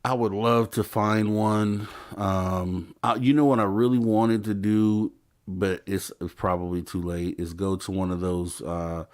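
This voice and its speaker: A man hosts a late-night call-in show in casual chat. His voice is very low, and he talks in a loose, rambling way with lots of fillers. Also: fairly even intonation, a little slow, darkish tone.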